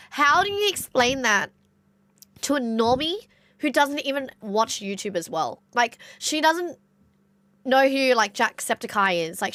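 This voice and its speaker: A woman's voice: on the high side, sharp tone, no room sound. An Australian woman streamer with a congested nose, chatting casually to her live audience and telling stories full of "like" fillers. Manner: chatty storyteller, rambling with many "like" fillers. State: nasal congestion. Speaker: game streamer.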